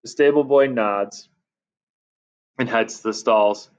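Man narrating a storybook, lively and expressive. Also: medium pitch, slow, rough recording. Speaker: audiobook narrator. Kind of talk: first-person audiobook narration.

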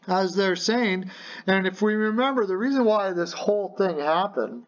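A man with a slightly high voice runs a playful hockey rumour show from his apartment. He rambles along with fillers and jokes. The recording sounds a little dull and lo-fi. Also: lively intonation, normal speed. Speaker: hockey podcast host. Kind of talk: casual hockey rumour talk. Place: home apartment.

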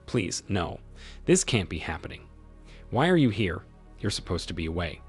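A scared, pleading wife in a spoken story, read by a low, husky-voiced man. Her lines come in his own everyday voice. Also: sing-song, moderate pace, faint music behind, heavily acted. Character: frightened cheating wife, pleading.

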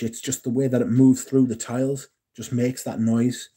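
A man's voice: medium pitch, flat delivery, moderate pace, few pauses, dark tone, breathy edge. A man hosting a casual livestream, chatting and joking with viewers and swearing freely. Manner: sweary, joking banter with chat. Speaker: livestream host. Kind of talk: casual livestream chat reading comments.

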